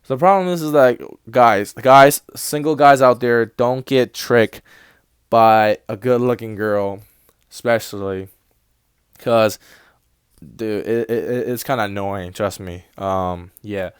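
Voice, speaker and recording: A young man in college recounts a personal story in a casual storytime vlog. His voice is smooth and clear at an ordinary pitch. He rambles, restarts his sentences and acts out quoted exchanges, recorded dry with no room sound. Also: slow, dry recording. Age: young adult. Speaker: vlogger telling a story.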